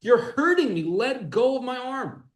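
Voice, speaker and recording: A man voicing a frightened, crying small child, pitched up high. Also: sing-song, unhurried, echoey room, full character voice. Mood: upset.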